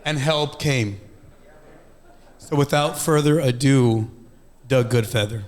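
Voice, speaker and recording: A man hosting an event, introducing a speaker with a lively personal story, acting out his own thoughts with sudden high-pitched outbursts. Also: slow. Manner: animated, acts out his own inner voices with big pitch jumps.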